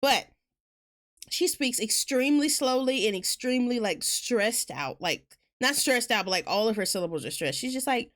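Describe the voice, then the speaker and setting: Woman streamer, chatty and tangent-prone, bouncy lively voice sitting a bit high. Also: moderate pace. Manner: rambling, tangent-prone, laughs often. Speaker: game streamer. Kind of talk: casual chat while gaming.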